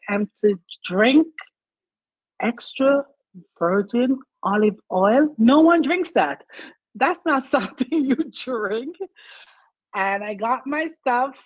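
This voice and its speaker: A woman's voice: on the high side, no room sound. Chatty woman with a raised voice. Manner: chatty, laughs often, acts out quoted voices. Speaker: client giving a testimonial. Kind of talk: casual personal storytelling. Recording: dull dry lo-fi sound.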